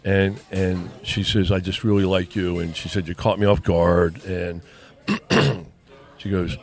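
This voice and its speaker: A man with a lowish voice tells a long personal story in a relaxed chat. He slips into the voices of the people he quotes as he goes. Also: a little slow. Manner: animated storyteller acting out quoted dialogue. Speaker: podcast co-host.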